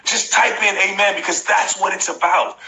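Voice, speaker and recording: Emphatic bright-voiced man coaching viewers live. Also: high-pitched, steady tone, moderate pace, slight background noise. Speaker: motivational speaker hosting a live stream. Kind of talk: live-stream motivational talk. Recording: echoey room.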